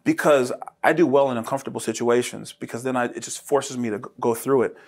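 Lively storytelling man, laughs often. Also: medium pitch, quick pace. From New Jersey, USA. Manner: laughs often, acts out dialogue in lively voices. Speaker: roofing business owner, guest. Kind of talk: animated interview storytelling.

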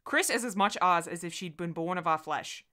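A woman's voice: lowish voice, moderate pace, pushed and bright. A woman reading as a firm, protective husband. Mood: stern. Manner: firm, emphatic. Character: adult man, protective husband, teasing but stern.

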